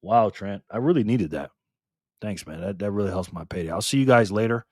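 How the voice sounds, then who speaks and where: A man hosting a casual live stream, reading the chat aloud with excitement and frequent laughter. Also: fairly low pitch, fairly quick, dry recording, clean studio sound.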